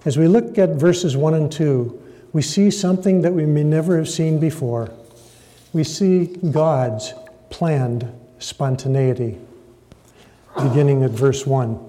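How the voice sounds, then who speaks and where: A man's voice: fairly high pitch, unhurried, dark tone. A man preaching a sermon, dramatically stressing words and polling the audience for a show of hands. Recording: echoey hall reverb.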